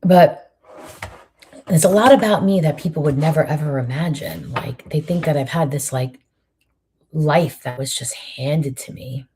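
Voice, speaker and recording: A woman, giving a reflective motivational talk in a soft, intimate voice that often drops near a whisper. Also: low-pitched, measured pace, slightly rough. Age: 50s. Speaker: host giving a monthly inspirational message.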